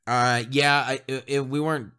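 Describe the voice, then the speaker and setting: Bright, resonant man reviewing movies. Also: mid-range voice, steady tone, moderate pace, clear, resonant tone. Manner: rambling, restarts sentences, laughs often. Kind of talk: casual spoilery movie review chat.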